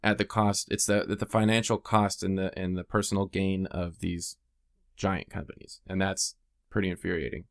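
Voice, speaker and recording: A man's voice: low-pitched, flat delivery, normal speed, creaky, smooth, dry recording, studio quality. A man co-hosting a casual podcast, ranting indignantly about unfair phone and internet fees. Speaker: podcast co-host.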